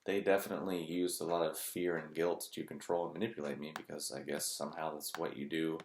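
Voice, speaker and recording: A man with a very deep voice speaks bluntly and profanely, with a sarcastic edge. He talks as if to the camera in a candid personal monologue. The sound has a roomy echo. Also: level tone, fast, a little mellow, a little hiss or hum. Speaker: vlogger.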